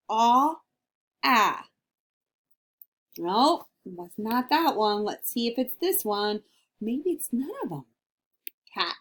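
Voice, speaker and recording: Woman teacher, unhurried phonics read for little kids; stretches out each letter sound, praises and quizzes gently. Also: on the high side, expressive. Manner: encouraging, questioning tone. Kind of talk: phonics lesson for young children.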